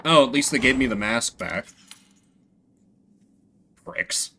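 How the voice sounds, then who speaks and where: A man's voice: medium pitch, lively intonation, takes it slowly, gravelly, pushed and bright, a little hiss or hum. Amused man running a solo tabletop game. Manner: amused, chatty aside. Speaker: streamer and game master.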